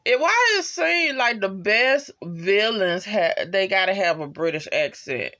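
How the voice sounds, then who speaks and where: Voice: medium pitch, sing-song, measured pace, bright, forceful tone. A vlogger reviewing a TV episode in casual, slangy chat that wanders and swears freely, with many "you know" asides and laughs at favorite moments. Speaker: TV show reviewer.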